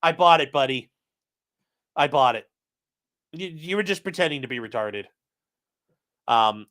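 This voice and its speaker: Sarcastic, profane commentator with lively pitch. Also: male voice, unhurried, pauses often. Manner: mocking, profane, incredulous; addresses live chat. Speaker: channel host. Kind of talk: sarcastic commentary on a court filing.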